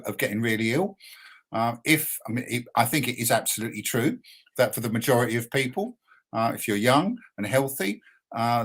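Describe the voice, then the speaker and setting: An older man, a punk poet and musician, talking earnestly and plainly as a guest in a radio interview. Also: medium pitch. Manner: earnest, emphatic, plain-spoken.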